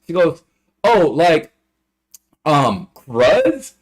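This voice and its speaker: A young man on a casual livestream, rambling through a story and acting out the quotes in high voices. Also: sing-song, extremely slow, pauses often. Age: young adult.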